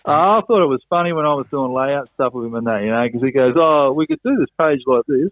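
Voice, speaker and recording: A man's voice: medium pitch, fast talker, few pauses, no echo. Man rambling over a phone line. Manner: rambling, full of "you know" and "and that", restarts. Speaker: podcast guest. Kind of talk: casual chat. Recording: phone-like narrow line, dry.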